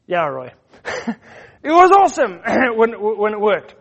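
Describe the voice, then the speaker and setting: A middle-aged man from Africa, telling personal stories in a casual, animated way, often repeating words as he goes. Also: high-pitched, a little slow. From South Africa. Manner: animated, repeats words, acts out his quotes. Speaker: storyteller. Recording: dull muffled lo-fi recording.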